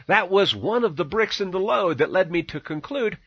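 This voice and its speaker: A man's voice: high voice, lively intonation, normal speed, a bit bright, husky, no room sound, dull audio. A man hosting sarcastic political commentary in a mocking, theatrical manner with swinging emphasis.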